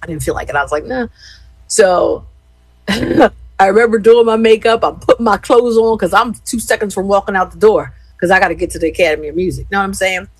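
A woman in her fifties from Philadelphia, chatting casually with her live-stream viewers as an animated, expressive storyteller. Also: mid-range voice, fairly quick, breathy edge, no echo, rough recording. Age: 50s.

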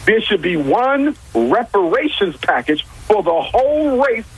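A man's voice: sits high, very animated, measured pace, breathy edge, rough recording. A man arguing his points with emphasis on a talk show, repeating key lines and asking rhetorical questions. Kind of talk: impassioned talk-show argument.

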